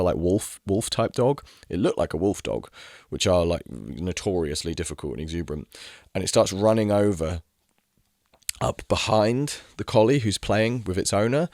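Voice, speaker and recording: A young man rants to camera in a low, deep voice, exasperated and swearing freely. He mimics other people mockingly as he vents. The sound is dry and close, with no room echo. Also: animated, brisk, darkish tone. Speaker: video creator. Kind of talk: casual ranting monologue.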